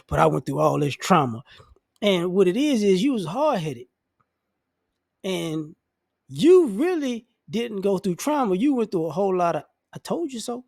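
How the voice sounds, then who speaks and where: Male ranter, high lively voice with gravel, mocking and profane, dry close sound. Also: no echo. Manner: blunt, profane, mocking, acts out quoted people in high voices. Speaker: commentary vlogger. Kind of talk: casual ranting monologue.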